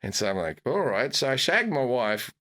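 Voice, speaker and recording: A middle-aged Australian man, a comedian guest, telling stories in a casual animated chat, often jumping up high in pitch for comic punch. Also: a little fast.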